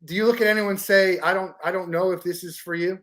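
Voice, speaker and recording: A man's voice: high-pitched, steady tone, fast talker, a bit bright. A man hosting an interview who asks probing follow-up questions and thinks aloud as he asks. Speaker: interview host.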